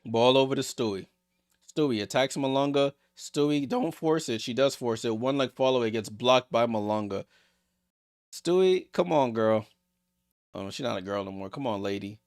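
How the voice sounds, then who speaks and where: Excitable man doing casual play-by-play. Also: mid-range voice, normal speed, no echo, clean studio sound. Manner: excitable, joking, chatty. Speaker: streamer hosting a game watchalong. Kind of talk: casual live play-by-play commentary.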